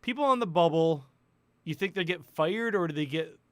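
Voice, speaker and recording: A man's voice: on the high side, animated, moderate pace, no room sound. A man hosting a casual sports podcast, rambling and chatty, laughing often. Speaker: podcast host.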